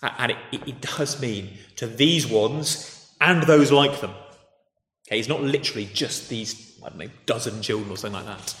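A man is preaching in a church, telling the story with lively shifts and casual restarts. His voice sits at an ordinary pitch. The reverb of the hall lingers around every phrase. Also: normal speed. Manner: conversational, animated retelling with frequent restarts. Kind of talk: sermon. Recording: echoey church hall with faint noise.

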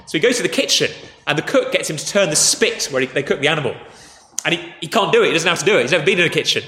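A man preaching a sermon, telling a story in a relaxed conversational way and speaking to the children too. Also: on the high side, racing. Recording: echoey hall with faint ambience.

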